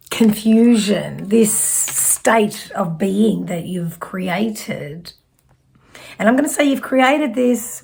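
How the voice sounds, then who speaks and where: Gentle, slow-spoken woman with a gravelly edge. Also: medium pitch. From Australia. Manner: slow, gentle, with soft trailing phrases and self-corrections. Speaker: psychic medium. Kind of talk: spiritual message reading to camera.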